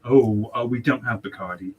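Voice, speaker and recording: Barber bloke cutting hair on a livestream, swears constantly, goes off on mock-angry rants, faint noise in the shop. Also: male voice, medium pitch, moderate pace, lo-fi sound. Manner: sweary, ranting, mock-outraged.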